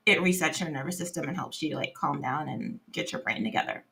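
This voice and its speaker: A woman's voice: deep voice, animated, a little fast, creaky, sharp tone. A woman chatting as a guest on a casual livestream, upbeat and chatty, laughing often. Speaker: guest, host's partner.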